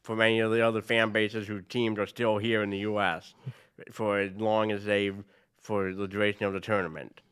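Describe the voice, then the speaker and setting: Bright-voiced easygoing sports co-host man. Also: lowish voice, flat delivery, smooth. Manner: easygoing, quick asides, runs his sentences on. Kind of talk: casual sports chat.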